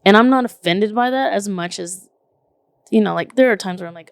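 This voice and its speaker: A woman in her thirties chatting casually on a podcast, telling stories in an animated way with lots of "like" and "literally", swearing now and then. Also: mid-range voice, a little fast, creaky, smooth, no room sound, clean studio sound. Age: 30s. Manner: animated, filler-heavy storytelling with frequent "like" and "literally". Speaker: podcast co-host. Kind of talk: casual chat.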